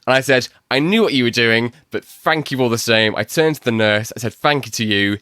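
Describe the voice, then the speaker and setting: Podcast host guy, soft northern english accent, lots of ums, dry close sound. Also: mid-range voice, a little fast, no room sound. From England, Manchester. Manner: chatty, self-deprecating, many ums. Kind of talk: casual podcast chat.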